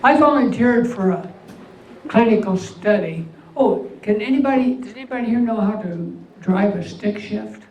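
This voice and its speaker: An older man with an unusually high voice doing a stand-up comedy set, delivering deadpan one-liners with pauses before each punchline. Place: veterans' hall event room. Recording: echoey hall, mic far off, faint hum.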